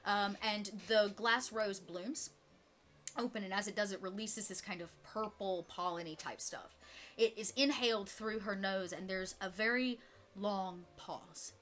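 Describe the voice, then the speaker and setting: Soft-spoken woman narrating a game. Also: medium pitch. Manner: soft, unhurried, with fillers. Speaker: game master.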